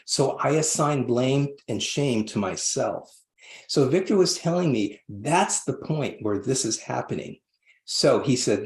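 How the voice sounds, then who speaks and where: A man's voice: medium pitch, expressive, measured pace, a little mellow. Rambling man telling a story in an echoey room. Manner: rambling, with many restarts; acts out quoted voices animatedly. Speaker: podcast guest. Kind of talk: storytelling interview answer. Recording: roomy echo.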